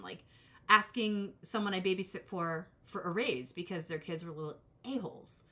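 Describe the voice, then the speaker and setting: A woman's voice: fairly low pitch, sing-song, moderate pace, bright, forceful tone. Rambling, chatty woman reading tarot live. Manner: rambling, self-deprecating, chatty with frequent asides. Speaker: tarot reader hosting a live stream. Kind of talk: casual live-stream chat.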